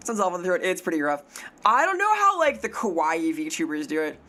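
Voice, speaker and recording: A woman's voice: fairly low pitch, big pitch swings, a little fast, bright, forceful tone. A woman streaming live in a casual, silly way, swearing freely, her throat strained from too little sleep.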